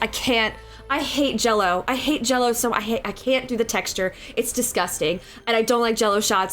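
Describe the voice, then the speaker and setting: A young woman with a bright, high voice chats casually as she works on digital art. She rambles, curses freely and breaks into laughter. Soft music plays quietly underneath. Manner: chatty, rambling, swears freely, laughs often. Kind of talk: casual storytelling while drawing. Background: soft background music.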